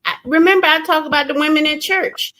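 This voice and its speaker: Bright-voiced woman chatting animatedly. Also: high voice, fast talker. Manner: animated, emphatic storytelling. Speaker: streamer host. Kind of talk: casual chat. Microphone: streaming setup.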